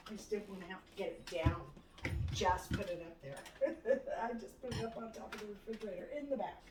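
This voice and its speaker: A middle-aged woman chatting casually in her home kitchen while she cooks, telling a story with animated quoted lines and the odd swear. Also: mid-range voice, fairly quick. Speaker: home cooking vlogger. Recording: distant mic, faint room noise.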